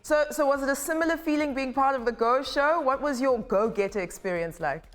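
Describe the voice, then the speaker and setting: A woman's voice: sits high, fairly quick. A woman hosting a talk show, affirming and drawing guests in. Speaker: host.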